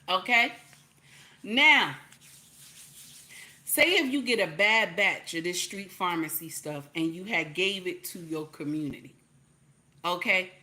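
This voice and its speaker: A woman's voice: mid-range voice, a little slow, pauses often, pushed and bright. A woman with a New Jersey accent giving blunt, repetitive livestream commentary, peppered with profanity and "okay?" checks. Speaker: online commentator.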